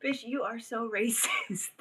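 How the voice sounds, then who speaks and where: A woman's voice: on the high side, big pitch swings, takes it slowly, fairly bright tone, husky, poor audio. A woman hosting a livestream, ranting casually in a profane, rambling way and laughing often. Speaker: livestream host.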